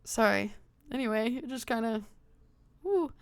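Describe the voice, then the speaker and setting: A woman's voice: fairly high pitch, lively intonation, unhurried, dry recording. A young woman streamer making giggly, chatty asides while she plays a game. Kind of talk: casual gaming chat.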